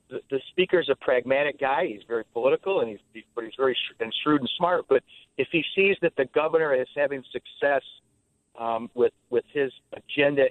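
A man speaking as a former state legislator guest in a radio interview, starting haltingly and then talking with animation. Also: mid-range voice, no room sound. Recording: tinny dry phone line.

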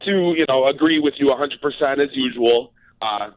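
A man's voice: medium pitch, moderate pace. A man calling in to a radio show, rambling with many fillers. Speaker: caller. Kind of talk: phone call to a radio show. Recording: tinny phone line.

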